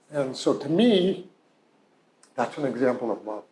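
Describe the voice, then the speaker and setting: A man's voice: medium pitch, sing-song, unhurried, long pauses, darkish tone, slight background noise. A male psychologist telling a patient's story in a conversational, heartfelt lecture, full of "you know" and "like". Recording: roomy echo.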